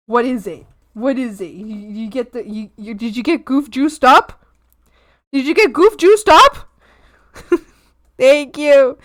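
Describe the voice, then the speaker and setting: A young woman hosting a live stream, chatting casually and thanking her viewers. Her voice sits high and swings widely as she giggles and playfully scolds her chat. She talks at an easy, unhurried pace. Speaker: art streamer.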